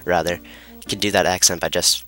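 A man rambles through a game session with dry, sarcastic asides. His voice is on the low side but bright and forward, with faint music playing underneath. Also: steady tone, a little fast. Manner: sarcastic, rambling jokes, reads lines aloud. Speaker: let's play commentator. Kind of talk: casual gameplay commentary.

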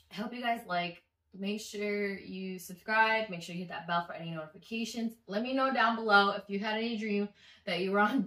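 A woman's voice: mid-range voice, far from the mic. A woman telling a story in a casual vlog, swearing freely and acting out what each person said. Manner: animated, profane, acts out quoted voices. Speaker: vlogger recounting a dream. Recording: echoey room, somewhat off mic.

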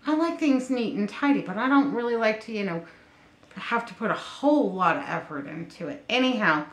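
A woman telling a personal story in a chatty, animated way, acting out what others said in her own voice. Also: mid-range voice, a little fast. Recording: echoey room with faint noise.

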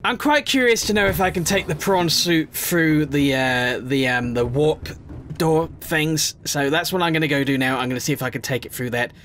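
Young man, gaming commentary, chatty and rambling with self-mockery, slightly high voice over a faint hiss. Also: normal speed, a bit bright. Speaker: gaming YouTuber. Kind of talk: casual gameplay commentary.

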